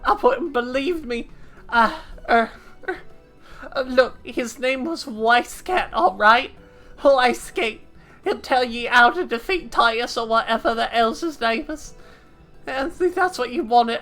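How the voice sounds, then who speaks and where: A woman's voice: on the high side, a little slow, fairly bright tone, soft background music, voice pushed up. Woman doing a begging fake-hero adventurer with a put-on accent. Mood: pleading. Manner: pleading, stammering, put-on silly accent. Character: panicky lying male adventurer with a rough accent.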